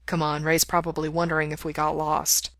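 A woman reading aloud who voices a reserved young man in a lower, hushed, understated tone. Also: completely flat delivery, a little fast, no room sound, clean studio sound. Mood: soft. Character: quiet, soft-spoken young man, dry and reserved.

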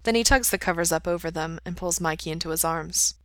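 A woman reading a story aloud in a calm, even way. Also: fairly low pitch, fast talker, no echo. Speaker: reader. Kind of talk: storybook narration.

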